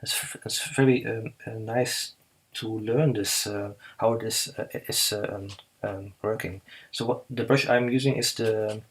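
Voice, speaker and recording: Halting, husky-voiced man teaching drawing. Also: lowish voice, steady tone, low-quality recording. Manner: halting, many fillers and restarts, slow and careful. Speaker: artist teaching live drawing. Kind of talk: live drawing demonstration.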